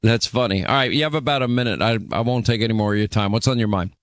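A man hosting a call-in radio show, brisk, chatty and teasing with callers. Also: mid-range voice, no room sound. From Long Island, New York. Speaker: radio talk show host.

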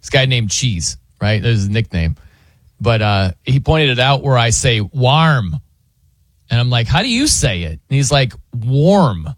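A man's voice: medium pitch, measured pace, no room sound. A man hosting a sports radio show, chatting casually, laughing often and imitating how other people say words. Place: radio studio.

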